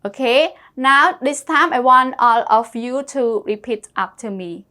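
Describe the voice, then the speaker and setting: A woman's voice: high voice, a little slow, bright, forceful tone. A woman teaching English vocabulary, repeating each word and spelling it out letter by letter. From Cambodia. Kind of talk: slow classroom lesson.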